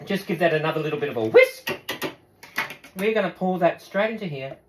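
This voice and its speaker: A man's voice: on the high side, animated, fairly quick, slight background noise. A man with an Australian accent giving a casual cooking demonstration, chatty and upbeat and talking straight to his viewers.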